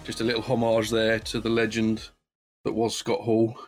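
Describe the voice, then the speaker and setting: A man's voice: on the low side, completely flat delivery, moderate pace, faint music behind. A man co-hosting a casual podcast, easygoing and wry. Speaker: podcast co-host.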